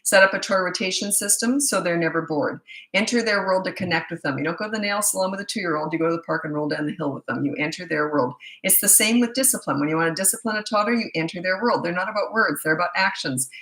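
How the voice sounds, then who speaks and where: Blunt, bright-voiced woman parenting coach. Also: on the low side, quick pace. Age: middle-aged. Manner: blunt, tactless, laughs at herself. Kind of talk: live Q&A answering viewer questions.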